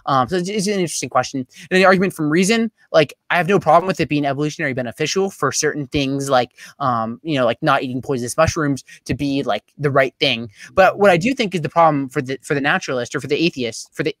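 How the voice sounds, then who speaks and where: A young man giving a debate closing statement over a video call, talking rapidly with many fillers and restarts. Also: fairly high pitch, a bit bright, dry recording. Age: young adult.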